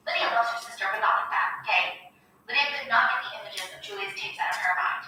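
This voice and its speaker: Woman streamer, casual movie recap, bright voice, roomy echo. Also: medium pitch, brisk, recorded from a distance, soft background music. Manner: animated, swearing, with "okay?" asides.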